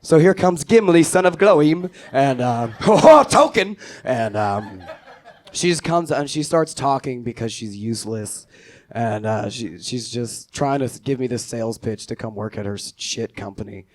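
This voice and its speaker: A young man doing stand-up, telling a story with dry, offhand delivery that drops low and quiet on the punchlines. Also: normal speed. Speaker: stand-up comedian.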